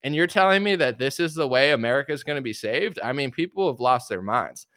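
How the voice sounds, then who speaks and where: On a livestream, a young man with a medium-pitched voice delivers fast, animated political rants, mocking and sarcastic. The audio is studio quality with no echo.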